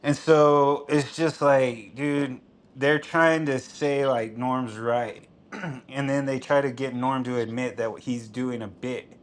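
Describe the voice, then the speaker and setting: A man talks loosely and at length on a stream, at a middle pitch. His telling is profane and rambling, thick with "dude", and he keeps breaking into laughter. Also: fairly even intonation, takes it slowly. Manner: laughs often while telling a story. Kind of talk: casual chat.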